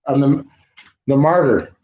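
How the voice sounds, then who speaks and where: A man's voice: medium pitch, measured pace, a little mellow. A man hosting a livestream in a casual, ranting style, hammering his points with emphatic repetition. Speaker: livestream host. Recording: roomy, dull lo-fi livestream audio.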